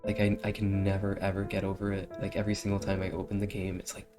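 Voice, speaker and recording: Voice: sits low, completely flat delivery, fast talker, few pauses, over music. A young adult streamer chatting casually and filling speech with lots of filler words, still coughing after a cold.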